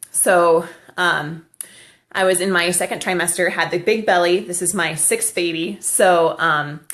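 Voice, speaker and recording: A woman's voice: fairly low pitch, fairly bright tone. Woman vlogger, casual storyteller, laughs easily, handheld camera. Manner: chatty, laughs often.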